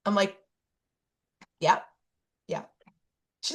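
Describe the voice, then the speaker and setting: A woman's voice: very high voice, huge pitch swings, slow pace, pauses often, fairly bright tone. Rambling, self-mocking woman telling a story. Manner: rambling storytelling with many fillers and self-corrections; laughs at herself while telling stories. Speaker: podcast co-host. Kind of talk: casual chat.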